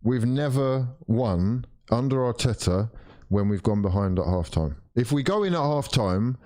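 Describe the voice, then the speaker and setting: A man hosting a live football watchalong. He swears freely, talks straight to his viewers and swings between frustration and excitement. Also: mid-range voice, a little slow.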